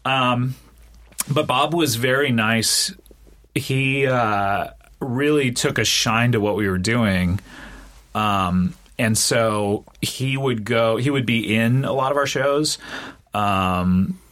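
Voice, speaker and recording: A middle-aged man, a guest on an interview podcast, telling relaxed stories full of fillers and restarts. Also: slow pace. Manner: relaxed storyteller with many fillers, mimics others in high voices. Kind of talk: casual chat, telling anecdotes.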